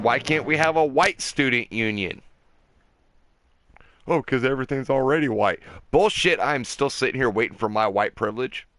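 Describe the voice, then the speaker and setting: A man's voice: mid-range voice, pushed and bright. A man ranting with profanity and passion while livestreaming a game from inside a camper, talking into a desk mic. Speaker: livestreaming gamer. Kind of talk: ranting live gaming commentary. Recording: noisy home stream audio.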